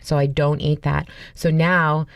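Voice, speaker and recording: A woman's voice: sits low, level tone, measured pace, no echo, studio quality. A woman co-hosting a radio show, talking candidly and playfully in casual banter. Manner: chatty, candid, playfully exasperated.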